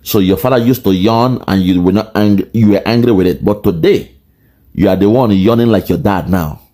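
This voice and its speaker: A Nigerian-accented man holds forth in a forceful political monologue. His voice sits on the low side, and he drives his points home with repeated rhetorical lines. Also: moderate pace. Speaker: political commentator.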